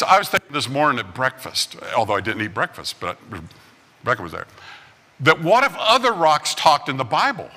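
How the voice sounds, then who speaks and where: A pastor preaches a light, joking sermon and tells stories packed with puns. He is a man with a very bright, forceful voice that sits a little high. His words ring out with the long reverb of a large church sanctuary. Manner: joking storyteller full of puns. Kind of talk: humorous sermon.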